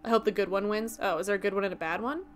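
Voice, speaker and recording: A woman's voice: mid-range voice, steady tone, soft background music. A young woman streaming a game, chatting casually and laughing as she riffs on her viewers' jokes. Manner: chatty, giggly, quick to riff on jokes.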